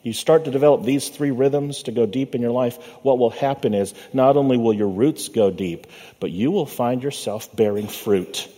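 A man preaching from the pulpit in a mid-pitched, mellow voice, leaning into a steady sermon rhythm. He slows and sinks low on key words. The long echo of a large church hall trails behind him. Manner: measured preaching cadence, slowing and dropping low on key words. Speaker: pastor. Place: church sanctuary.

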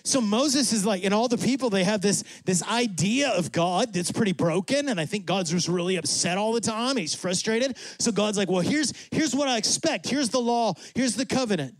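A man preaching with a high voice and lots of energy. He acts out God and Moses in quick asides. The sound is dry and close. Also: animated, no room sound. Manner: drops to a soft, low voice for emphasis. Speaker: pastor. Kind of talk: sermon.

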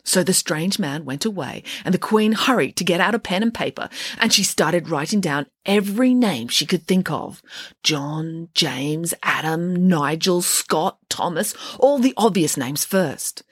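A woman author narrating a children's story aloud in an animated, playful way on a close mic. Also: on the low side, unhurried, breathy edge, no echo. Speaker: children's author reading her podcast story.

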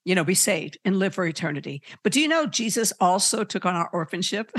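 A podcast host teaching faith in a loose, preachy way. The delivery is earnest and animated, with frequent fillers and restarts, in a mid-range voice. The recording is dry and close, with no room sound. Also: mid-range voice, a little fast, dry recording. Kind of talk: informal preaching.

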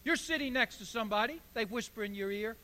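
Preacher in an echoing hall. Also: male voice, very high-pitched, lively intonation, fast talker, bright, forceful tone. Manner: preaching with rising emphatic bursts. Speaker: pastor. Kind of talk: sermon. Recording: echoey hall.

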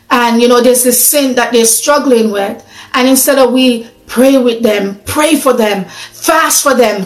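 A woman's voice: on the high side, echoey room, rough recording. A woman preaching a sermon in an earnest, conversational way, asking her listeners questions.

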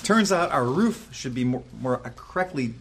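A man hosting a casual podcast from a workshop studio, telling stories in a profane, animated way. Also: mid-range voice, normal speed, slight background noise. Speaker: podcast host.

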